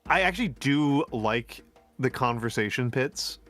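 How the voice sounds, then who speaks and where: A man hosting a stream, chatting casually about house listings in a wry, rambling way with halting restarts. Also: medium pitch, expressive, a bit bright, soft background music. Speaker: streamer host.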